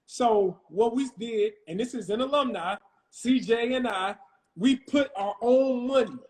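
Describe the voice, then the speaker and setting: A man's voice: extremely high pitch, unhurried, darkish tone, low-quality recording. A man talking as a real estate investor guest in a casual live-stream chat, emphatic and slangy, repeating his phrases. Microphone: phone on a live stream.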